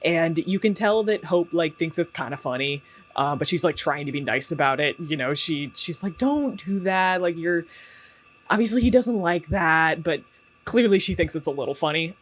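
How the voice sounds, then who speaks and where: A man's voice: on the high side, lively intonation, normal speed, a bit bright. A man giving casual commentary as a YouTube book reviewer, chatty and sarcastic, with lots of fillers and laughs.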